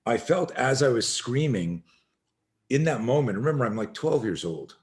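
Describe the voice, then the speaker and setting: A middle-aged man, a self-defense instructor, telling an animated story as a podcast guest and acting out the voices in it. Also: mid-range voice, normal speed.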